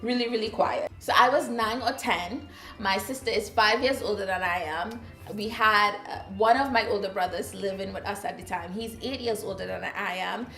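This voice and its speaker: A woman's voice: medium pitch, normal speed, pushed and bright, echoey room, soft background music. Chatty Trinidadian woman telling a story. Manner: chatty, sassy storyteller with asides to viewers. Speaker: vlogger. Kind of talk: casual storytime.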